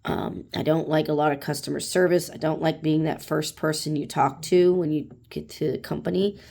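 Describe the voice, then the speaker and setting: A woman's voice: deep voice, steady tone, moderate pace, vocal fry, dark tone. Blunt, profane woman in her forties. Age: 40s. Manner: blunt and profane, acts out customers in raised voice. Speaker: vlogger. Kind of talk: casual venting monologue.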